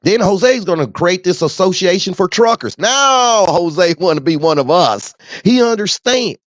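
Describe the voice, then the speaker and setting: Animated trucker man, lively pitch. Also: measured pace, no room sound. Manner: animated, street slang, frequent laughs. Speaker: truck driver. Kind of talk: casual rant to camera. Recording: dull dry lo-fi sound.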